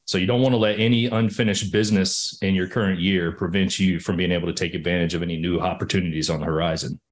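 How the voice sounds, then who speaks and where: Deep-voiced man with dry humor. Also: fairly even intonation, quick pace. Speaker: panel guest. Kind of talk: casual panel discussion.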